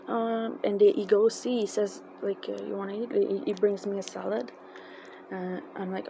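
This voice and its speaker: A woman with a tells an emotional personal story in a halting, casual way, with many fillers and restarts. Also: mid-range voice, flat delivery, creaky, dark tone. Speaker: fan telling a personal story. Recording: noisy background.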